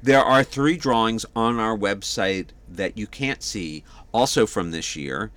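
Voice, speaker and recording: A man's voice: on the low side, unhurried, a bit bright, no room sound. A man co-hosting a casual podcast chat, talking with frequent fillers and restarts. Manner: chatty, hesitant with many fillers. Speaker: podcast co-host.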